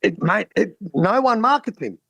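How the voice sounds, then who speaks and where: A man's voice: high voice, very animated, normal speed, vocal fry, a bit bright, no room sound. A man from Queensland with an Australian accent, co-hosting a podcast in a blunt, slangy casual chat. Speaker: podcast co-host.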